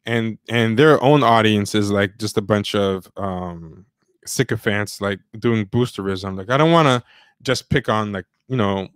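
A man's voice: fairly low pitch, dry recording. Sardonic rambling man on a dry mic. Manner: rambling, sardonic, mocking impressions. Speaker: podcast co-host. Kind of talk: casual livestream commentary.

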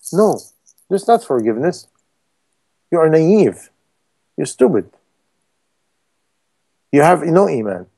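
A man's voice: fairly high pitch, mellow. A man preaching a sermon in non-native English, emphatic and full of rhetorical questions to his listeners.

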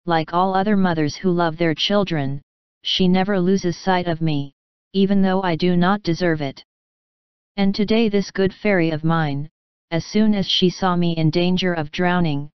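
A woman's voice: lowish voice, clean tone, no room sound, lo-fi sound, close to an everyday voice. A woman voicing a cheeky wooden puppet boy, telling his tale playfully in a storybook reading.

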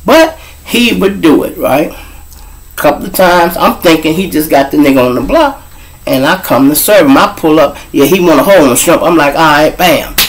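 This show host from Chicago, a middle-aged man, has a slightly high voice with lively intonation and speaks at a moderate pace. He animatedly spins street stories in a monologue, acting them out with sound effects and character voices, all on a low-quality recording.

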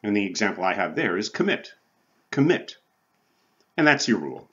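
A man's voice: deep voice, sing-song, very fast, sharp tone, slightly rough, highs cut off. A man teaching a recorded college English lecture in a conversational way, often checking in with "right?" and "okay?" and chuckling now and then. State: sweating from the heat. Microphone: recording for online viewers.

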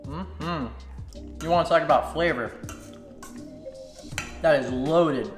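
A man's voice: fairly high pitch, slow. Slovak guy doing a cooking vlog in his kitchen, chill, echoey room, music under it. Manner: relaxed, talks viewers through each step. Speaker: cooking channel host. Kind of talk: casual cooking demonstration. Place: home kitchen. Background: background music, clinking dishes.

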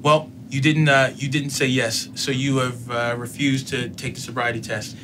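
A man telling a personal story in casual talk, acting out both sides of the dialogue with lively emotion. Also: medium pitch, moderate pace, a little hiss or hum. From United States. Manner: animated retelling, acts out both sides of dialogue. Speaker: podcast guest.

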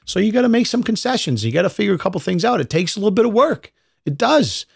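Podcast host, man, 30s, casual profane monologue, slightly high pitch, dry room. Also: very animated, quick pace, vocal fry, husky, no room sound. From United States. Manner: blunt, profane, conversational.

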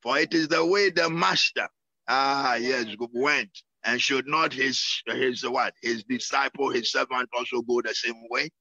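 Fervent preacher, gravelly voice. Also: male voice, medium pitch, unhurried, sharp tone, no room sound, lo-fi sound. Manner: fervent, with whoops and laughter, repeating words. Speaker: apostle preaching. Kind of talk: sermon and prayer.

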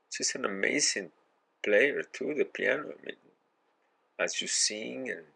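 A man's voice: fairly low pitch, creaky, a bit bright, breathy edge, rough recording. A man hosting a reaction video, talking in a casual, effusive way and searching for words as he gushes over a performance, sounding moved and a little teary.

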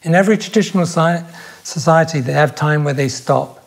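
An older man talks in a relaxed podcast conversation. His voice is gravelly and sits a little high for a man, and he searches for words, restarting his sentences as he thinks aloud. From England. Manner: thoughtful, with halting restarts. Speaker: podcast guest. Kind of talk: reflective conversation.

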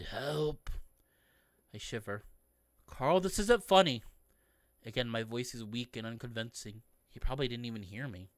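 This let's play narrator has a mid-range, fairly bright voice, recorded with no room sound. Reading a visual novel in first person, he stays playful and keeps stopping to crack jokes for his viewers.

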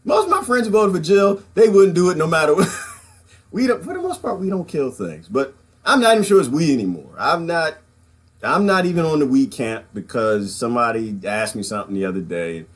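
A man's voice: fairly high pitch, big pitch swings, a little fast, husky. A man giving casual livestream commentary, rambling and conversational, calling his viewers y'all and chuckling between points. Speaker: political commentary vlogger.

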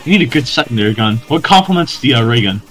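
A man's voice: mid-range voice, lively intonation, fast, fairly bright tone, soft background music. A man playing a game with friends, teasing and insulting them crudely and swearing constantly. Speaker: co-player. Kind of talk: casual gaming chat.

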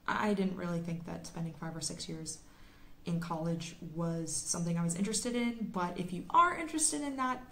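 A woman's voice: on the low side, vocal fry, a little hiss or hum. A woman in her twenties from the United States, a medical student vlogger giving a chatty, casual explanation to camera.

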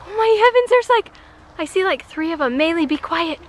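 Brief: high-pitched mom, chatty and excitable, handheld camera outdoors with steady background noise. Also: female voice, brisk. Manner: chatty, excitable, drops to whispers. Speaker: mother and vlogger. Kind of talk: casual family vlog chat. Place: outdoors near a freeway.

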